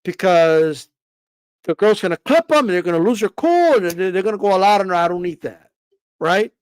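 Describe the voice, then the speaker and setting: Man, high voice, ranting boxing commentary, profane, repetitive, rhetorical questions, dry sound. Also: lively intonation, moderate pace, clear, resonant tone, no echo. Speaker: boxing commentator on a live stream. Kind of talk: casual opinionated commentary.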